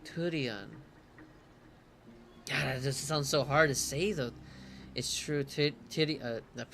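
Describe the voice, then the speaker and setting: A man's voice: mid-range voice, slow, fairly bright tone, a little hiss or hum. A man doing casual gameplay commentary, reading subtitles aloud, giggly and self-mocking. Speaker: gaming streamer.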